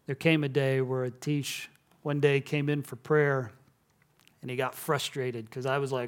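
A man preaching a sermon, telling stories and dropping to a hush on key lines. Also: medium pitch, little pitch movement, unhurried, clear, resonant tone. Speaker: pastor.

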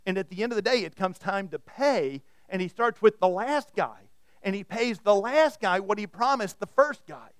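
A man's voice: high voice, expressive, normal speed, clean tone, no echo, clean studio sound. A man preaching a sermon to a room of listeners, retelling stories and often restarting his words. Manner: storytelling, repeats and restarts words. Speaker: pastor. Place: church hall with audience.

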